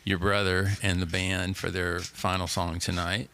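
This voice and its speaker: A man's voice: low-pitched, flat delivery, a little slow, gravelly, pushed and bright. A man hosting a live talk show, guiding the conversation in a laid-back, friendly way. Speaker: host.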